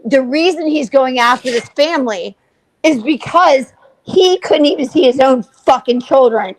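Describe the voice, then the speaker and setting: A woman's voice: high voice, animated, measured pace, a little hiss or hum, poor audio. A woman co-hosting a livestream, ranting furiously and swearing constantly. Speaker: co-host. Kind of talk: livestream commentary.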